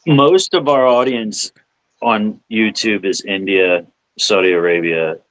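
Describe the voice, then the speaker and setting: A man's voice: on the low side, slow pace, fairly bright tone, no room sound, poor audio. A man, co-hosting a podcast in rambling casual chat. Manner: rambling, laughs often. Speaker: podcast co-host.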